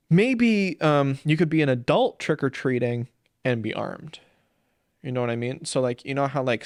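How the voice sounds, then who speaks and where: A young man from Saint Paul, Minnesota hosts a crude, rambling comedic solo podcast, full of ums, slipping into silly voices for jokes. His medium-pitched voice is a little mellow, recorded at studio quality with no room sound.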